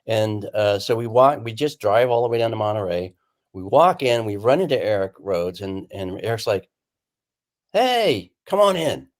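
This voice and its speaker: A man's voice: fairly low pitch, moderate pace. A man, a painter and guest, casually telling an anecdote and acting out what people said. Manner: animated storyteller who acts out quoted lines. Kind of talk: casual storytelling chat.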